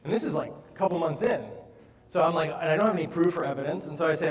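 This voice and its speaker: A man's voice: fairly high pitch, quick pace, recorded from a distance. A man giving a motivational stage talk, telling stories with lots of checks like "right?". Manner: animated storyteller, frequent "right?". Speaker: motivational speaker. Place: large hall on stage. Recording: echoey hall, from afar.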